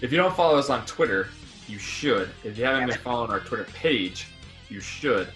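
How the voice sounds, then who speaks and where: A man's voice: mid-range voice, a little fast, music in the background. A man hosting a podcast, chatting casually and rambling with fillers about the show. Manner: relaxed, rambling, many fillers. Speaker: podcast host. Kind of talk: casual chat.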